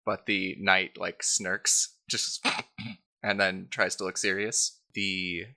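A man runs a tabletop game as game master, narrating scenes casually with lots of "uh" and "like." His voice is very bright and sits a little low. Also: little pitch movement, slow pace. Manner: descriptive, with frequent "uh" and "like".

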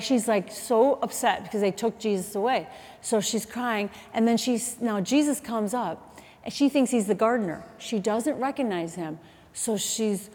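A middle-aged woman preaching a sermon, chatty and animated, telling stories with asides and quick self-corrections. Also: fairly high pitch, big-room sound. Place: church auditorium.

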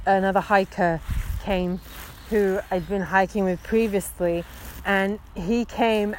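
A woman, a long-distance hiker, telling a story about her hike with a lot of emotion and many fillers. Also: mid-range voice. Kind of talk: personal storytelling recording. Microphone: phone. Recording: phone recording with clear background noise outdoors.

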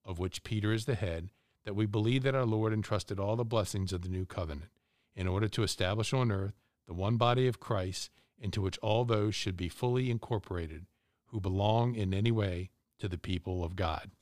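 A man reads a formal religious passage aloud, measured and steady. His voice sits low, recorded close and dry with no room sound. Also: no echo. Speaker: podcast reader. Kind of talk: reading a religious text aloud.

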